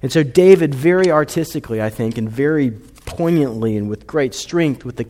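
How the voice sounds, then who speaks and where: Male pastor, mid-pitched, earnest sermon delivery with soft drops, long hall reverb. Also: normal speed. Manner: earnest, building to emphatic peaks then dropping soft.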